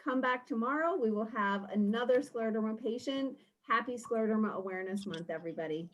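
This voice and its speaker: A woman co-hosting a casual chat, upbeat and quick to agree. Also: fairly high pitch, lo-fi sound. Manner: upbeat, affirming. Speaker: co-host.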